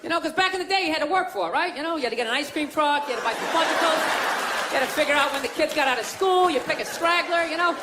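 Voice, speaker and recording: A man's voice: very high voice, racing, a loud crowd, heavy background noise. A man doing stand-up comedy, rambling and sarcastic, mock-complaining to a live audience. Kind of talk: stand-up routine. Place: comedy club stage. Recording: live club recording, loud audience.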